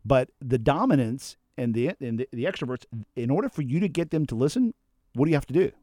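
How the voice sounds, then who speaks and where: A man in the host's chair of a casual talk show, animated and quick to act out what people say. His pitch rises and falls widely, and the sound is dry and close. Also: dry recording. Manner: animated, acts out quotes with sudden pitch jumps. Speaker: host. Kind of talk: casual podcast talk on personality types.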